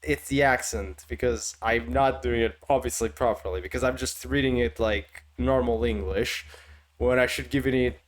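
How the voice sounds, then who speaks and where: A male streamer giving casual commentary during a live game stream, thinking out loud in a self-deprecating way. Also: medium pitch, steady tone, moderate pace.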